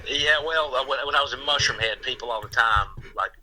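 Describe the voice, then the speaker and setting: A man with a thick Southern accent, a rock singer chatting easily as a guest in a radio interview, telling stories in a relaxed way. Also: medium pitch, fairly quick, slight background noise, rough recording. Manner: easygoing, chatty storyteller.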